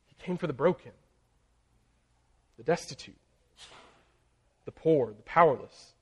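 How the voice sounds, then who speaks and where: Man preaching, dropping soft on key words. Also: animated, husky, dull audio. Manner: builds in pitch and volume on emphatic lists; slows and drops very soft on key phrases. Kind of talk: sermon.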